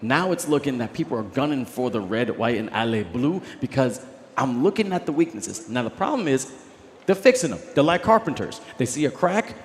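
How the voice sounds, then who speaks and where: Animated male esports co-host. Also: medium pitch, fairly quick, long reverb tail, a little hiss or hum. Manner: animated, jokey, restarts often. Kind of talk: live esports studio chat.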